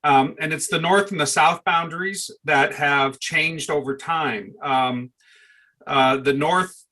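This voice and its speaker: A man's voice: fairly high pitch, slow pace, pushed and bright. A man, an author and historian, answering on a panel in a hesitant way with many fillers.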